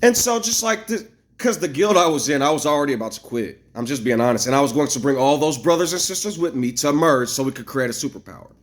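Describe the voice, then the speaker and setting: A man telling a long, rambling story to camera, animated and profane, acting out what others said. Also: a little high, fast talker. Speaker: vlogger. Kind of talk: casual storytelling rant.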